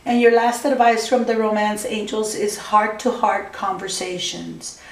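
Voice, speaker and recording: A woman's voice: medium pitch, level tone, measured pace, far from the mic. A woman giving a tarot reading in a vlog, gushing and reassuring, who keeps calling the viewer by star sign. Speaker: tarot reader. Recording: roomy, voice from off the mic.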